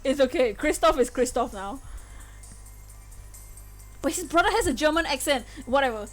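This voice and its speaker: A woman's voice: sits high, lively intonation, moderate pace, soft background music. A woman streaming a game live, chatting and giggling through her reactions. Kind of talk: live gameplay commentary.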